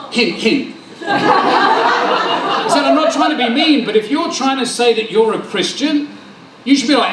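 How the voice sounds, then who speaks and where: A man preaching a lively sermon in a church hall, joking and acting out conversations in different voices. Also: very high voice, normal speed, long pauses, a little hiss or hum. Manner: animated, joking, acts out dialogue. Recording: roomy hall sound, mic at a distance.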